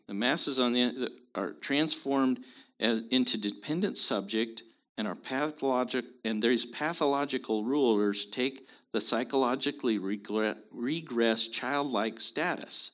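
A man's voice: medium pitch, measured pace, fairly bright tone. A man hosting a show, giving opinionated commentary in an emphatic, preachy way. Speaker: show host.

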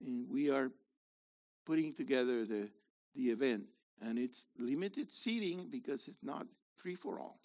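A middle-aged man preaching a sermon in a loose, conversational way, swinging from loud to quiet. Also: medium pitch, animated, measured pace. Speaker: pastor.

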